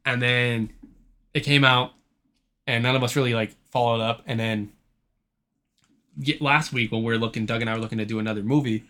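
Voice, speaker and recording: A man's voice: mid-range voice, fairly even intonation, fairly quick, long pauses, pushed and bright. A young man co-hosting a casual horror movie podcast, laid-back, laughing often and swearing freely. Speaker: podcast co-host. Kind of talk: casual chat.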